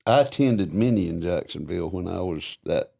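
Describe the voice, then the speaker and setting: A man's voice: sits low, animated, normal speed, creaky, warm tone, slightly rough. An older man, co-hosting a casual chat with a drawling, wry manner and slightly formal wording. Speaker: podcast co-host.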